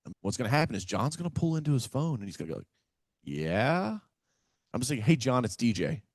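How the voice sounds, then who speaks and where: Racing along at a medium pitch in a dry recording, a Kentucky man who invests in real estate tells animated stories as a guest on a casual podcast. He's folksy and energetic, acts out phone calls, and says "man" and "right?" often.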